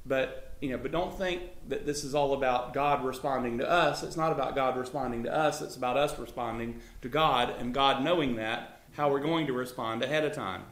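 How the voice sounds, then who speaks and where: A man's voice: mid-range voice, brisk, hardly any pauses, a bit bright, echoey room. Chuckling man teaching Bible study. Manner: chuckles often, loose and informal.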